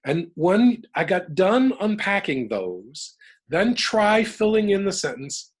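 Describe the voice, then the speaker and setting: A man's voice: high voice, takes it slowly, slightly rough. A middle-aged man from the United States, talking emphatically as an interview guest about working through his emotions. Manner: animated, emphatic, works through emotions aloud. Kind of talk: reflective personal talk.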